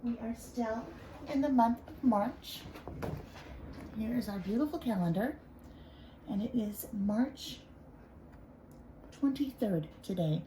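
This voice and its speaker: A woman leading circle time for small children in an encouraging singsong. Her voice is fairly high and very lively, with a warm, mellow tone. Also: slow, long pauses, a little hiss or hum, poor audio. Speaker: preschool teacher.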